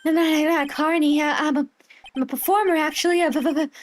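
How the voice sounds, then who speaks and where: A woman's voice: high voice, steady tone, fast talker, natural voice. A woman voicing a timid male ventriloquist who stutters and hesitates nervously, in a visual novel read-through.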